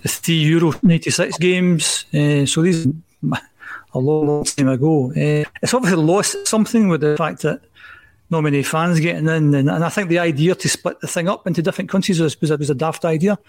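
A man, a podcast guest, giving his opinion in casual chat, measured and with frequent fillers. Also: fairly high pitch. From Scotland.

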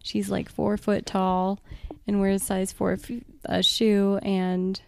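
A woman's voice: medium pitch, monotone, takes it slowly, vocal fry, slight background noise. A woman, a podcast guest, talking in an earnest, reflective way and laughing often. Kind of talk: reflective casual chat.

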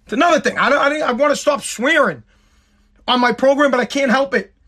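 A man hosting his own show, delivering an angry, profane rant that often rises into shouting. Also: very high voice, brisk. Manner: profane, heated, shouting at times. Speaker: show host.

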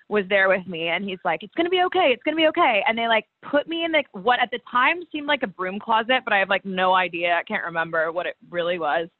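Animated woman on a tinny line. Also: medium pitch, dry recording. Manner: animated storyteller, acts out quotes, laughs often. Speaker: guest, pro wrestler. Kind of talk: casual interview.

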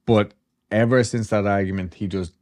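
A man's voice: lowish voice, steady tone, moderate pace, a little mellow. A man hosting a podcast, telling a story in a loose, chatty way, with swearing and asides. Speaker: podcast host. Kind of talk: casual storytelling chat.

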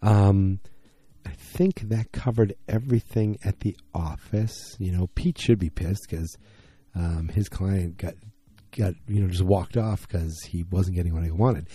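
A man's voice: low-pitched, unhurried, mellow, slightly rough, no room sound. A man casually recapping a TV episode in a rambling, conversational way, acting out the characters' lines.

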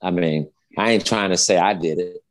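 Fifties male guest, low-pitched, salty and fired-up anecdote teller. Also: moderate pace. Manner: profane, heated, repetitive storytelling. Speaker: guest, former basketball player. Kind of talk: casual storytelling interview.

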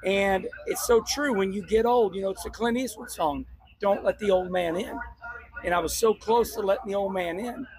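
High-pitched older man, choked up. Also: a little fast, hardly any pauses. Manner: choked up, exuberant, repeats himself. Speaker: race car driver. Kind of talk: emotional post-race talk and vlog. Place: outdoor racetrack. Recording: noisy outdoor racetrack recording.

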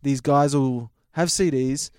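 A man co-hosting a comedy podcast, joking and often trailing off quietly. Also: mid-range voice, steady tone, slow pace, smooth, no room sound, clean studio sound. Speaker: podcast co-host. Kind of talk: casual comedic banter.

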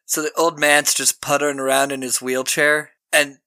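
A young man chats through a film's plot on a podcast, slipping into the characters' lines as he goes. His voice sits a little high and very bright, recorded close and dry. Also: moderate pace, no room sound. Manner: animated retelling, acting out characters' lines. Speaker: podcast co-host. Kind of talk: casual movie recap chat.

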